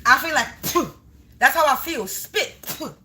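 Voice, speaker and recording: A woman's voice: high voice, expressive, normal speed, pushed and bright, slight background noise. A woman giving a spiritual reading to camera, speaking in emphatic, repetitive warnings with frequent swearing. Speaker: tarot and energy reader.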